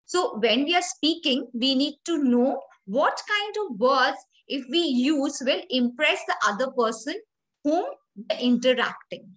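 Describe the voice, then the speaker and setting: Woman, Indian English accent, high voice, emphatic trainer explaining step by step, lecture to listeners. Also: expressive, unhurried, a bit bright, low-quality recording. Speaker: grooming trainer.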